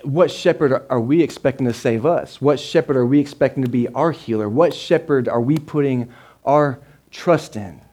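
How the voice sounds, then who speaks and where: A man's voice: mid-range voice, moderate pace, a little mellow. A man preaching a sermon to a live congregation, talking casually, repeating words and often asking "right?". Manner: conversational, repeats words, keeps checking in with the congregation. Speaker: pastor. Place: church service with a live congregation.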